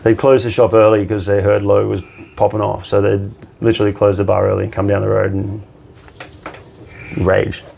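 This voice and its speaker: A man's voice: on the low side, moderate pace, creaky, long pauses, slight background noise. A man, a bartender guest on a podcast, telling stories casually, swearing and acting out the people he quotes. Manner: animated anecdote teller, swears, acts out quotes. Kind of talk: casual storytelling chat.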